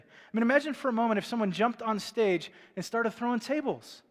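Male pastor, sermon, conversational preacher with a high voice, recorded with a long hall reverb. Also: expressive, brisk, few pauses. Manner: conversational preaching with rhetorical questions. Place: church stage before a congregation.

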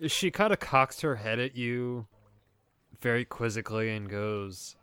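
A man narrating a tabletop role-playing game as game master in a relaxed, laid-back way. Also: medium pitch, measured pace, clean tone.

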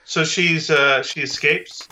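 A man's voice: on the high side, steady tone, slow, bright, forceful tone, rough recording. A man co-hosting a movie podcast, joking in a playful, sarcastic way in casual chat. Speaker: podcast co-host.

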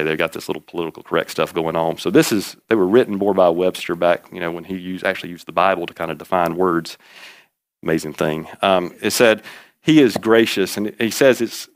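Folksy male preacher, low voice. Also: gravelly, no echo. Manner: folksy storytelling with laughs and emphatic repetition. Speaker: pastor. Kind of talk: sermon.

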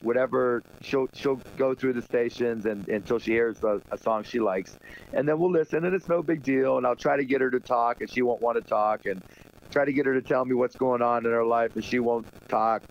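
A man's voice: medium pitch, fairly even intonation, fairly quick, vocal fry, slight background noise. A middle-aged man guesting on a radio show, telling rambling stories with lots of laughs and "you know". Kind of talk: casual radio interview chat. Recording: dull lo-fi sound.

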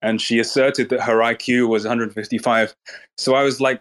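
A man talking in a casual online audio chat, with a blunt and mocking manner and plenty of swearing. His voice sits at an ordinary middle pitch. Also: level tone, a little fast, fairly bright tone. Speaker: Twitter space speaker.

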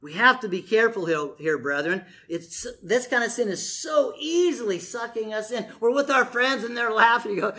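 A man's voice: extremely high pitch, normal speed, few pauses, sharp tone. A man preaching a conversational sermon to his congregation, telling stories and acting out quoted voices.

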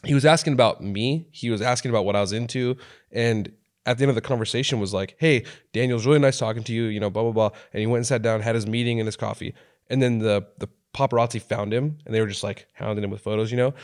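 A man's voice: medium pitch, fast talker. A man in his thirties from Oregon, telling a story on a podcast in casual chat and acting out the people he quotes. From Oregon, USA. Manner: animated storyteller who acts out quotes in shifting voices.

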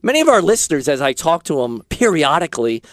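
A man's voice: fairly high pitch, very animated, quick pace, dry recording, clean studio sound. A man hosting a talk show in casual chat, rambling and joking, drifting into preachy asides.

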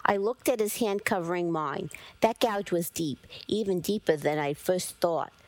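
A woman reading a first-person story aloud in a measured, even storytelling manner. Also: lowish voice, dry recording, low-quality recording. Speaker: story reader. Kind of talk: first-person scripted narration.

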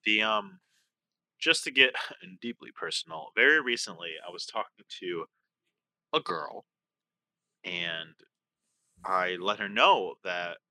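A young man co-hosting a casual podcast, talking with lively, swooping pitch and a very bright, forceful voice. He is open and emotional, and the sound is dry and close. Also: no echo. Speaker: podcast co-host.

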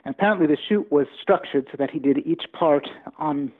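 A man's voice: on the high side, fairly quick, breathy edge. Man telling stories over a phone line. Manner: enthusiastic anecdotal storytelling. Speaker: author guest. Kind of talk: storytelling interview talk.

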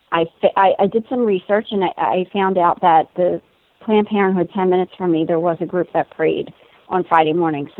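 A woman in her thirties tells a personal story in lively conversation, laughing and acting out what others said. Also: fairly low pitch. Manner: animated, laughing, acts out quoted voices. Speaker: guest telling a personal story. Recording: tinny phone-like sound.

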